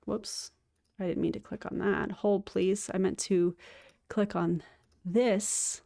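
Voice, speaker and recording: A woman's voice: mid-range voice, fairly even intonation, slow, gravelly, mellow. Woman host, casual stream chat, mid-range voice, affectionate cooing. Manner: chatty, often coos to her cat.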